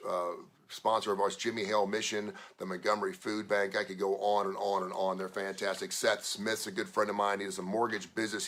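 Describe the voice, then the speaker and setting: Hyped-up bright-voiced male radio host. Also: fairly low pitch. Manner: hyped, loud shout-outs and rambling asides. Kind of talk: solo radio show monologue.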